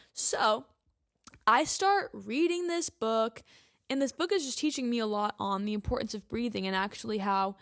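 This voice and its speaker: A woman's voice: on the high side, no room sound, studio quality. A young adult woman hosting a casual solo podcast, chatty and candid, swearing freely and speaking straight to her listeners. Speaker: podcast host.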